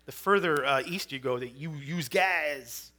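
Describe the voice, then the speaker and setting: A man's voice: on the high side, a little slow, bright, forceful tone. A man in his forties from Chicago, preaching as a guest speaker with personal testimony, conversational, with joking asides and frequent fillers.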